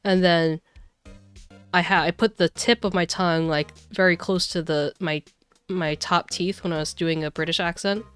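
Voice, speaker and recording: A woman's voice: fairly low pitch, fairly even intonation, normal speed, a bit bright, clear, resonant tone, soft background music. A woman streamer chatting casually and rambling while she plays a game. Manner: chatty, rambling, many fillers.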